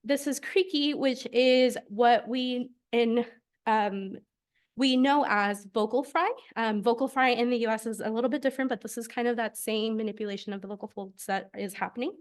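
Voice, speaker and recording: A young woman from the United States giving an academic research presentation, explaining carefully with frequent filler pauses. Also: fairly high pitch. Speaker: graduate student presenter.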